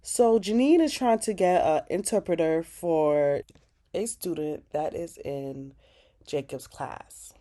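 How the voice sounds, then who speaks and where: A young woman hosts a casual vlog recapping a TV episode, chatting animatedly and saying "like" constantly. Her voice is fairly low and her pace slow.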